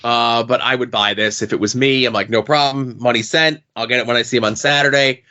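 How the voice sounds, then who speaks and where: A man co-hosting a podcast in casual chat, telling stories in an animated, profane way. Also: mid-range voice, a little fast. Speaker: podcast co-host. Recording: dull lo-fi podcast audio.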